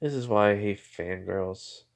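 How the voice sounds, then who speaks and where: A man's voice: lowish voice, unhurried, gravelly. A man casually making up a fan fiction story aloud, rambling with lots of "like" and "you know" and often correcting himself.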